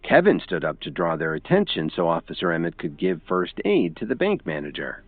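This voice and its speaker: A man with a very low voice narrates a scripted story with a lively, expressive lilt. The audio is thin and phone-like, bone-dry, with faint music playing underneath. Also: a little fast, slightly rough, dry recording.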